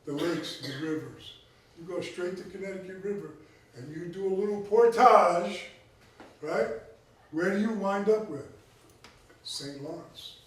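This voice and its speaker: A man's voice: high voice, measured pace, pauses often, slight background noise. A man who is a tribal chief giving a conversational talk, often checking in with his listeners. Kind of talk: conversational lecture. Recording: echoey room, mic far off.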